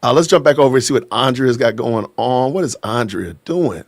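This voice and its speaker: A man's voice: medium pitch, expressive, fairly quick, no room sound. A man from Illinois hosting a casual live stream, joking, laughing often and greeting his chat. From Illinois, USA. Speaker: livestream host. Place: lives in Georgia, USA.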